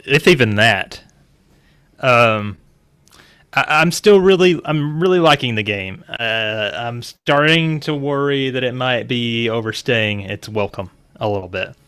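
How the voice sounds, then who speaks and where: A man co-hosting a podcast in casual chat, relaxed and laughing as he steers the running order. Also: medium pitch, a little slow, clear, resonant tone, no room sound, studio quality. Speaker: podcast co-host.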